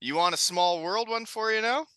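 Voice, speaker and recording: A man hosting a casual podcast chat, animated and laughing often. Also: high voice, moderate pace, smooth, dry recording. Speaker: podcast host.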